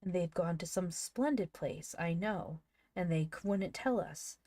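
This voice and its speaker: A woman voicing an excitable, indignant young boy who shrills and cries out in a storybook reading. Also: lowish voice, measured pace, no echo. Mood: excited, indignant.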